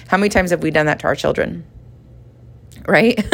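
A middle-aged woman, teaching a devotional in a chatty, animated way, acting out little dialogues. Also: fairly low pitch, a little slow, vocal fry, pauses often. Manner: conversational, animated, acts out dialogue, laughs often. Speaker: podcast host and Bible teacher.

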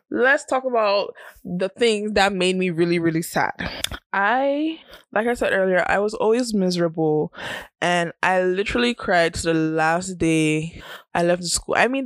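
A woman's voice: medium pitch, no echo. A young woman, hosting a podcast and telling a story in a chatty, casual way, laughing often. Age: young adult. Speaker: podcast host.

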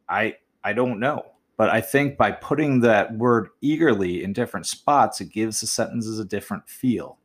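A man hosting a movie essay podcast, thinking aloud through his writing choices and giving listeners friendly, encouraging tips. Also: mid-range voice. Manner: chatty and encouraging, addresses listeners as folks; muses aloud, weighing options with questions.

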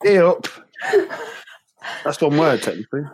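A man's voice: fairly high pitch, very animated, unhurried, darkish tone. A man joking and teasing the others as a contestant in a casual group game. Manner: joking, sarcastic. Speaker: panel contestant. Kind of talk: casual banter. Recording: noisy background.

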